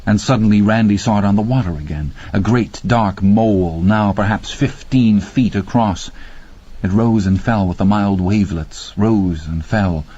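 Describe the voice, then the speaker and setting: A man with a husky voice narrating a horror audiobook with slow, dramatic pacing. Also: sits low, a little mellow. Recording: dull lo-fi audio.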